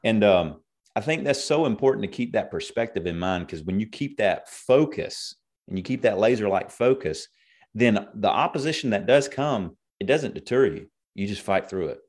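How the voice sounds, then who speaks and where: A man with a low-pitched voice talks in an earnest, preachy way. He quotes scripture as he goes and sounds like a pastor speaking to his church family. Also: animated, moderate pace, darkish tone. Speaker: pastor and co-host. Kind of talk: conversational ministry talk.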